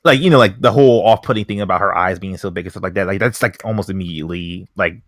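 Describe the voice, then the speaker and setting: A man co-hosting a podcast, rambling excitedly about a movie and saying "like" constantly. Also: low-pitched, quick pace, no room sound, clean studio sound. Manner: rambling, heavy use of "like", excited. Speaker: podcast co-host. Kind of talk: casual chat.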